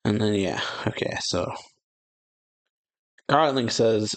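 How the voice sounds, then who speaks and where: A man's voice: fairly low pitch, expressive, takes it slowly, gravelly, long pauses. A man hosting a casual reaction to a comic chapter, reading the panels aloud and narrating them loosely, with frequent chuckles and fillers. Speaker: reaction channel host.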